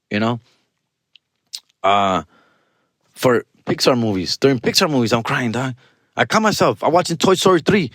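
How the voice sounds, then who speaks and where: A man in his forties, a podcast host with a Californian accent, telling a self-mocking story in an animated, slangy way. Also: mid-range voice, no room sound. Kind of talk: casual comedic monologue.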